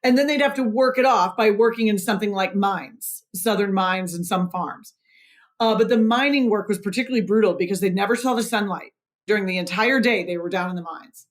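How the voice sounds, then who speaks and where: A woman's voice: medium pitch, brisk. Woman author, podcast guest, earnest, emphatic, explanatory. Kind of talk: interview, explaining history.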